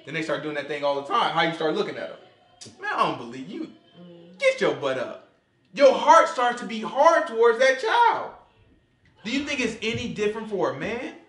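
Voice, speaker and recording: A man preaching an informal sermon in slangy, animated talk, acting out voices as he goes. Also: high-pitched, normal speed. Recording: echoey room.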